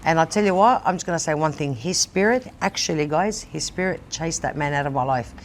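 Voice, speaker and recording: A woman's voice: sits low, brisk, a little hiss or hum. A middle-aged woman from Australia, hosting a casual studio chat and telling stories in a candid, blunt way. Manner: candid, blunt storyteller, swears freely. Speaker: host.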